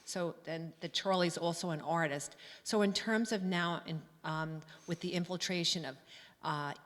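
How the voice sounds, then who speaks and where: A moderator asks a question at a measured pace, with an occasional "uh" or "um". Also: mid-range voice, fairly bright tone. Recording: long hall reverb.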